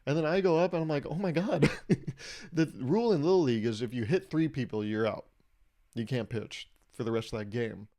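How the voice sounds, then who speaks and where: A young man hosting a podcast, telling comedic stories in a casual way and acting out quotes in a raised, animated voice. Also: medium pitch, a little fast. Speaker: podcast host.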